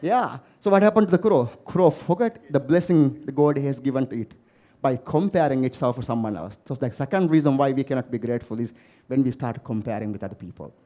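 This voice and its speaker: Before a live audience, a man from the Maldives delivers a motivational keynote, sharing stories and questioning the listeners. He speaks fairly quickly, with a dark tone and medium pitch.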